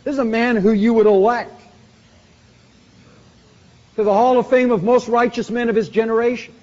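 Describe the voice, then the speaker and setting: Emphatic preacher in an echoing hall. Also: male voice, very high-pitched, steady tone, moderate pace, a little mellow. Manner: emphatic, repetitive preaching cadence. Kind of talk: sermon. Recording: muffled recording in a reverberant hall.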